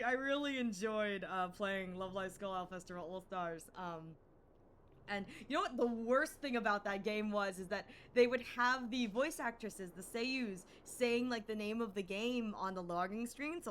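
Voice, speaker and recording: A woman's voice: medium pitch, fairly bright tone, clear, resonant tone. A young adult woman livestreaming a story game, rambling in casual chat and laughing often.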